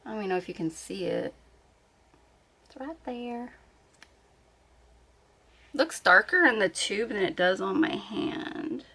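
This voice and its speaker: Slow-talking bright-voiced woman vlogger. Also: mid-range voice, expressive, husky. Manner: chatty, laughs often, thinks aloud. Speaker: beauty vlogger. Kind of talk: casual chat. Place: at home on a bed.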